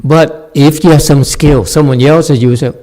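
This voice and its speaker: A man's voice: on the high side, fairly even intonation, moderate pace, dark tone. A man giving a meditation dharma talk and answering questions. He laughs often and keeps checking in with "okay?". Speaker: Chan meditation teacher.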